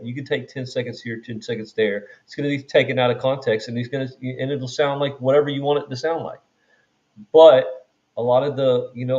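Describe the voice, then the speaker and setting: A man co-hosting a casual political podcast, mostly agreeing and adding short remarks. His voice is mid-pitched. The dull, lo-fi mic muffles it. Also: darkish tone. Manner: agreeable, chiming in briefly. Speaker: podcast co-host.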